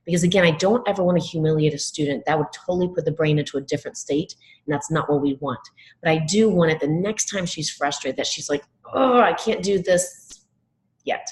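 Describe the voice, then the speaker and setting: A middle-aged woman with a low voice gives a motivational talk to teachers. She tells classroom stories with energy and acts out what her students say. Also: fast, low-quality recording. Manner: animated storytelling, acts out quoted students. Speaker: education speaker.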